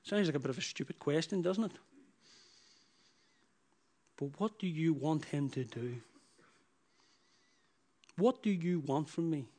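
A man's voice: a little high, animated, unhurried, pauses often, dark tone. A man preaching a sermon, building emphatic repeated phrases that rise in force. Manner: emphatic, repetitive preaching with rising bursts.

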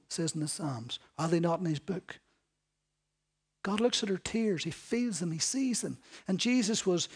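A man preaching a sermon, reading scripture and explaining it earnestly, swinging between loud emphatic lines and soft hushed ones. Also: on the high side, husky. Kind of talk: expository sermon.

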